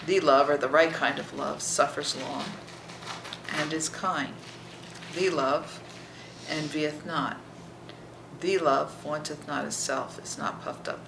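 A Bible teacher reads scripture aloud and explains it verse by verse, often asking "okay?" and sometimes dropping to a soft near-whisper. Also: mid-range voice, fairly even intonation, slow, gravelly, roomy sound, noisy background. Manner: checks in with listeners by asking "okay?".

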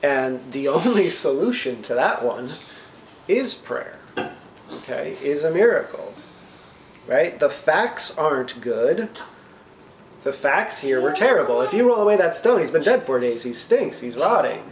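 A man's voice: on the high side, big pitch swings, slight background noise. Man preaching in an echoey church. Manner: asks the congregation questions, frequent "right?"; reads scripture slowly, then paraphrases it. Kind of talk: sermon with scripture reading. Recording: roomy echo, faint ambience.

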